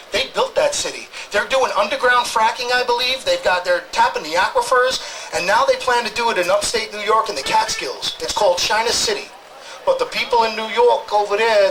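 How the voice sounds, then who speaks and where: A man's voice: sits high, noisy background. A man from New Jersey with a Jersey accent, a protester ranting animatedly outdoors. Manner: animated, conspiratorial rant.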